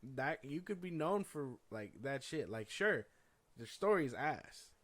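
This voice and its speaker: Animated, blunt male podcast co-host. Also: medium pitch, slow pace. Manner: blunt, dismissive, swears casually. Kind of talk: casual banter about movies.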